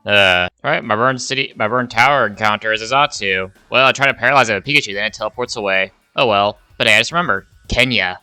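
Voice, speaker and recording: A young man narrates his game run in a loose, rambling play-by-play, swearing and sighing when things go wrong. His voice is bright and sharp, sitting a bit low. Soft music plays faintly under him. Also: fairly quick, clear, resonant tone, dry recording. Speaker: gaming YouTuber. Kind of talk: casual game commentary.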